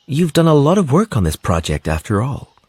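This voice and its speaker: A man playing a husky-voiced colleague. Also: medium pitch, very animated, a little fast, darkish tone, dry recording. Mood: encouraging. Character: man colleague suggesting who presents. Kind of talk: textbook audio dialogue.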